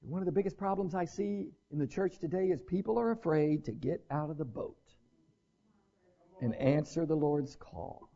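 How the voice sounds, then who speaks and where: A man preaching a sermon as pastor, animated and conversational, with asides to his congregation. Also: a little high, normal speed, vocal fry, dull audio.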